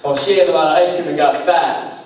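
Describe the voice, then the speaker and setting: Deadpan young man in an echoey club. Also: fairly high pitch, quick pace. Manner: deadpan one-liners with self-deprecating asides. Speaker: stand-up comedian. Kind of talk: stand-up comedy set. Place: small comedy club stage. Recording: echoey club heard from far off. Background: faint beatbox and room noise.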